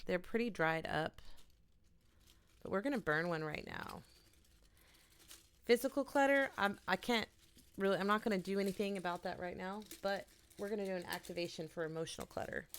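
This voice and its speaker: A woman, an oracle card reader, gently and earnestly talking viewers through a ritual in a small home studio in her bedroom. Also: on the low side, normal speed, smooth. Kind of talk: casual guided ritual talk.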